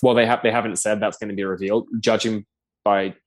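A man's voice: lowish voice, flat delivery, fast. Posh London man, gossipy chat. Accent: posh London English. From England. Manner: chatty, gossipy, lots of "like" fillers. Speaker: podcast guest. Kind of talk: casual chat.

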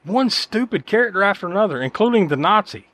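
A man's voice: sits high, lively intonation, quick pace, a bit bright. A man hosting a podcast, chatting casually about a film in a rambling, profane way full of fillers. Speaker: podcast host.

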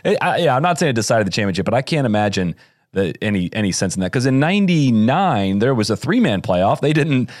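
A man's voice: medium pitch, sing-song, quick pace, no room sound, studio quality. A male podcast host chatting casually and thinking aloud as he asks about a story. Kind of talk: casual interview chat.

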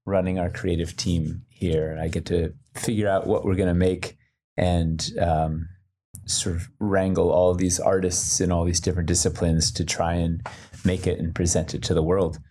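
Man, podcast guest, very deep voice, mellow tone, excitable, rambling. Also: moderate pace. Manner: excitable and rambling, with many restarts. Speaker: podcast guest, creative director. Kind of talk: casual podcast interview.

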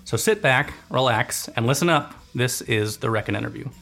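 A man's voice: medium pitch, moderate pace, gravelly. Man hosting an interview, echoey room. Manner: relaxed, with frequent "uh" fillers. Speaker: podcast host. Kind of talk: interview podcast with scripted intro.

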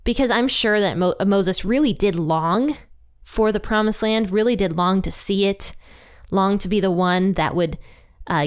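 A woman's voice: medium pitch, clear, resonant tone. A woman giving a casual Bible study lesson, talking in a chatty, playful way and acting out the quotes she reads. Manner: chatty and playful, laughs often, acts out quotes. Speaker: Bible teacher.

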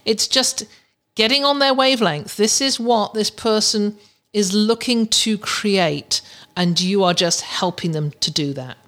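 A woman hosts her own podcast and talks listeners through practical tips. Her voice sits at a middle pitch, and her delivery is loose and chatty. She often restarts her sentences and fills pauses as she goes. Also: fairly bright tone. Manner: chatty, with frequent restarts and fillers. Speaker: podcast host. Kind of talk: casual advice talk.

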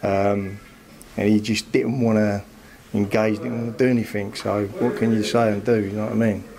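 Un entraîneur de boxe qui commente le combat en interview, en digressions hésitantes ponctuées de « vous voyez ». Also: male voice, on the low side, flat delivery, normal speed, gravelly, crowd noise. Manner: rambling, many fillers. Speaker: boxing trainer. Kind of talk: post-fight analysis.

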